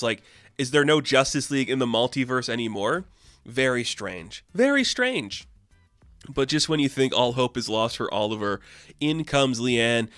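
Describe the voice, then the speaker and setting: A man's voice: mid-range voice, a bit bright, smooth, no room sound. A young man casually reviewing a comic book, rambling with lots of "like" and acting out the characters. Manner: rambling, frequent "like", acts out characters. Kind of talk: casual chat.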